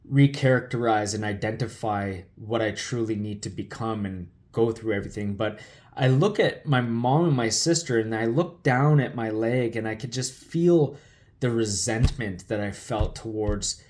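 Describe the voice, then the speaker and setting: A man's voice: medium pitch, darkish tone. A man telling his life story in an emotional, loose way, with many fillers and restarts. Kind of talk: personal storytelling talk.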